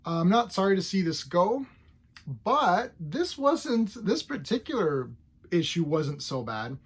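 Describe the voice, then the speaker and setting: A man reviewing comic books in a casual vlog, opinionated and ranting, who clears his throat often. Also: high voice, sing-song, slow pace. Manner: opinionated, ranting about story tropes.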